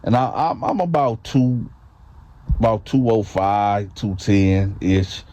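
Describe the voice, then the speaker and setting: Laid-back man telling a story, mellow voice. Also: fairly low pitch, fairly even intonation, slow. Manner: loose, conversational, many fillers and tag questions. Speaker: storyteller, channel host. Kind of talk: casual storytime.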